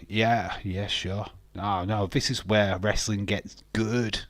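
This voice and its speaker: A Yorkshire man hosts a live watch-along, reacting casually in a lowish, steady voice that is slow with hardly any pauses. He's chatty and opinionated, laughs often, and hops between topics. The recording is dry.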